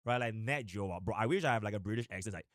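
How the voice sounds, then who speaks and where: A man live streaming and chatting casually, animated and rambling, with sudden fast bursts. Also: lowish voice, no room sound, clean studio sound.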